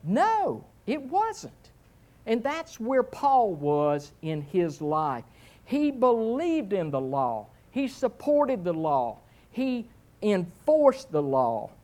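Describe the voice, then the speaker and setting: A man preaching a sermon, telling a funny personal story with animated swings in pitch and some self-mocking humor. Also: slow pace. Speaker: pastor.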